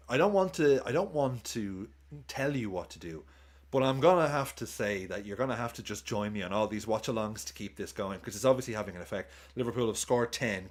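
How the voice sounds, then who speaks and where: A man streaming a live football watchalong, chatting casually, swearing, cheering goals and thanking viewers for tips. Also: on the low side.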